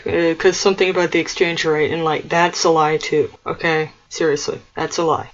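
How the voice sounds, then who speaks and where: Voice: mid-range voice, highs cut off. A vlogger delivering a solo monologue rant in a scornful, mocking, conspiratorial manner.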